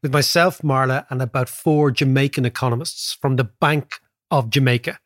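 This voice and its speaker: A man co-hosting an economics podcast, telling stories in an animated conversational way. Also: mid-range voice, normal speed, dry recording, studio quality. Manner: animated, storytelling, frequent tag "right?".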